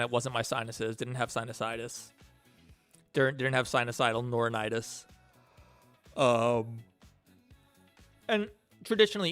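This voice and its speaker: A man's voice: medium pitch, a bit bright. A man livestreaming while he builds a game, chatting and thanking donors as he works. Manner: rambling, thanks donors mid-work. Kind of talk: casual livestream chat.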